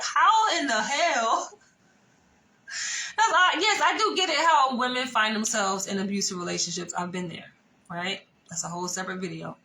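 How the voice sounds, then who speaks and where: A young adult woman vlogger telling a dating story in a casual, animated monologue full of profanity. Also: mid-range voice, a little hiss or hum, rough recording.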